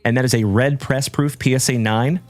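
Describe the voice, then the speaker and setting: Man, livestream host, hearty shout-outs, dry close sound, faint music behind. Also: medium pitch, fairly even intonation, normal speed, no room sound. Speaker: host of a live card-break stream. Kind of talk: upbeat livestream chat with viewers.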